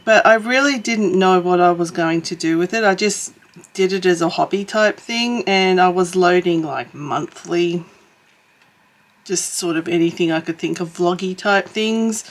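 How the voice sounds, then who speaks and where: A middle-aged Australian woman chatting casually to her channel while crafting, rambling and correcting herself, with small chuckles. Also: medium pitch. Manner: rambling, self-correcting, chuckles as she talks. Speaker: YouTube crafter and vlogger. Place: home, in a suburb.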